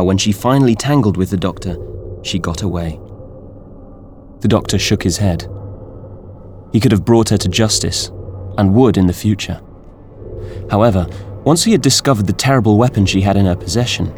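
A man reading a science fiction audiobook in measured, expressive narration. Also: on the low side, a little hiss or hum. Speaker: audiobook reader. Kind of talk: scripted narration.

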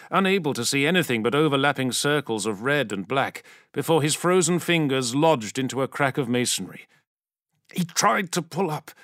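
A man reading a story aloud as an audiobook narrator in a dramatic, expressive manner. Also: mid-range voice, no room sound, clean studio sound.

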